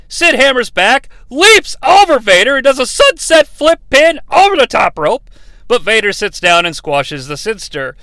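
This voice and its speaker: Animated sarcastic man with gravelly voice. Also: sits high, normal speed, dry recording. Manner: animated, sarcastic, mock-courtroom asides. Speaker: podcast host recapping wrestling. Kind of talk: comedic wrestling recap with impressions.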